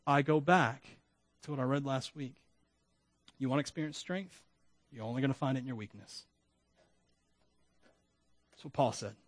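A man preaching a sermon as pastor, animated, with humorous asides and self-deprecating jokes. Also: mid-range voice, moderate pace, pauses often, no room sound. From Florida.

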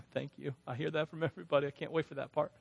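A man's voice: a little high, fairly even intonation, quick pace, vocal fry, a little mellow, husky. A man giving a conversational sermon, candid and self-deprecating, often laughing between phrases and restarting words when earnest. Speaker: preacher.

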